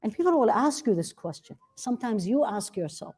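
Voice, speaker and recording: Warm-voiced woman teaching a religious class. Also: fairly high pitch, sing-song, fairly quick, hardly any pauses, slightly rough. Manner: earnest, asks rhetorical questions and answers them; repeats key phrases for emphasis. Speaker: Islamic teacher. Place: classroom with a live audience.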